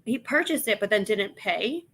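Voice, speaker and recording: A woman's voice: medium pitch, animated, moderate pace, fairly bright tone, slightly rough. A woman hosting a casual reselling livestream, chatting with viewers while she lists items and laughing often. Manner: chatty, laughs often, reads chat aloud.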